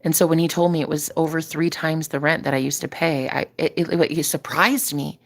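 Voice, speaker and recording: A spiritual reader with a low-sitting voice speaks fairly quickly with fairly even intonation in a casual spiritual vlog. Her reading is emphatic and preachy, with phrases repeated for effect and casual swearing.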